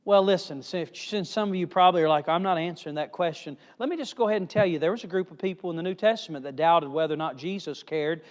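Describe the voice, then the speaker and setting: A male evangelist preaching a sermon with emphatic swings in pitch and loudness, recorded in a church hall. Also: fast talker, few pauses. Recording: reverberant hall.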